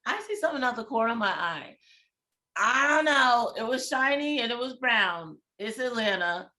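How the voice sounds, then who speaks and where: A woman as a podcast guest, telling a story in casual chat, animated and laughing between quick asides. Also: fairly high pitch.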